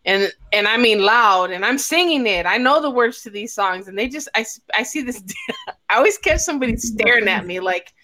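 A woman's voice: on the high side, animated, brisk, bright, forceful tone. A woman hosting a casual live chat, telling stories full of swearing and laughter. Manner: profane, laughing storyteller. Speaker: host.

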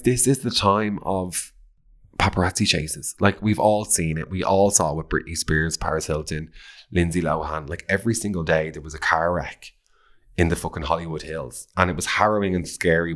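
A man's voice: low-pitched, a bit bright. An Irish man hosting a podcast, chatting in a camp, gossipy way, swearing freely and gushing over pop culture. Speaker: podcast host. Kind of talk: casual pop-culture chat.

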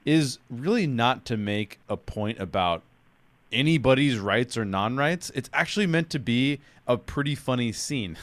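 A man co-hosting a casual movie podcast, talking in an animated way and laughing often. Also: mid-range voice, a little slow, no room sound. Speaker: podcast co-host. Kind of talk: casual chat.

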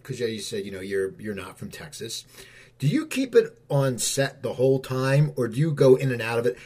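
Husky man asking long interview questions. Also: mid-range voice.

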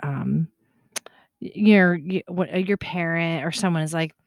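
A woman's voice: on the low side, measured pace, dry recording, clean studio sound. A woman co-hosting a podcast, telling stories in casual chat with lots of fillers and restarts. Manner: animated storyteller, lots of "like" and restarts.

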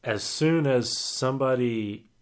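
A man's voice: medium pitch, slow, clean tone. A man co-hosting a podcast, talking sports in a rambling, hesitant way with many fillers. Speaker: podcast co-host. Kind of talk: casual sports chat.

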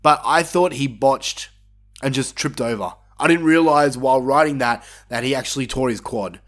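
A man talks through a wrestling show on his podcast in a loose, opinionated way, swearing freely. His voice sits at an ordinary middle pitch and jumps up when something excites him. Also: normal speed. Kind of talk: casual review monologue.

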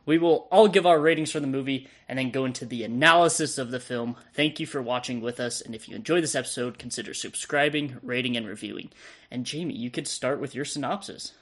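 A man hosts a casual movie podcast and runs the intro at a brisk clip. His voice sits at a middle pitch, and he moves the show along. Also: a bit bright. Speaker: podcast host.

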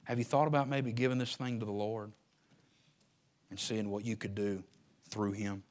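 A man preaching a sermon to his church. He swings from shouted, drawn-out lines to quiet, fast, joking asides. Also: lowish voice, steady tone. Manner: folksy, joking. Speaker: pastor. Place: church sanctuary.

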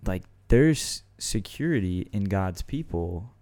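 A man's voice: low voice, expressive, slow, dark tone. A man in casual conversation, speaking earnestly and reflectively about faith and serving others. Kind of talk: casual chat.

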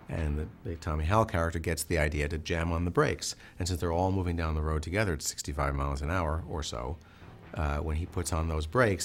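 Very deep-voiced man explaining a stunt shot. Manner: measured, explanatory. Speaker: director recalling a stunt shot. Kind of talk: detailed interview recollection. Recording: noisy interview recording.

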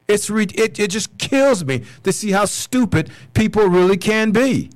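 A man's voice: high-pitched, animated, measured pace, no echo. An American man hosting a podcast, delivering a furious, blunt solo rant, swearing and repeating himself. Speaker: podcast host.

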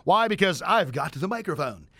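An energetic male radio host with a fairly high voice delivers a motivational, preachy sign-off. His voice is recorded dry and close, with no room sound. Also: moderate pace, creaky, no room sound. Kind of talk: upbeat radio show wrap-up and promotion.

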